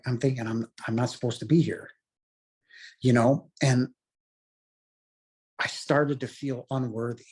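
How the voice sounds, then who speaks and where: In a mid-range voice with a darkish tone, the late-forties guest continues his heartfelt, emotional account of nearly dying.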